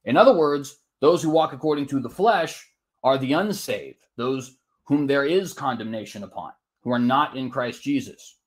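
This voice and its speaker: A man's voice: mid-range voice, lively intonation, normal speed. Emphatic man reading scripture in debate. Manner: reads long scripture passages aloud, stops to correct his own slips; emphatic, with folksy idioms between quotes. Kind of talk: formal debate opening statement.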